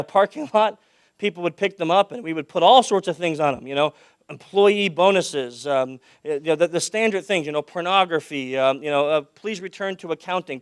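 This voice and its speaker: A man speaking at a conference with a fairly high, smooth, resonant voice. He projects loudly and dips low and quiet when he tells a story. The sound is close and dry. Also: no room sound. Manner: projects loudly, drops his voice low for anecdotes. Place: conference hall.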